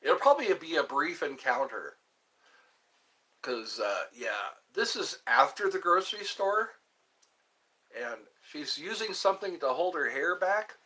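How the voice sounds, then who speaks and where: Broadcasting from home, this livestream host chats loosely and rambles through answers to viewers' questions and comments. His voice sits on the high side with big pitch swings, a measured pace, and a sharp edge.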